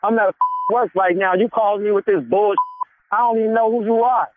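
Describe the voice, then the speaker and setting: A man's voice: high-pitched, steady tone, fairly quick. A man at work on a phone call, defensive and heated, swearing back at the caller. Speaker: prank call target. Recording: tinny noisy phone line.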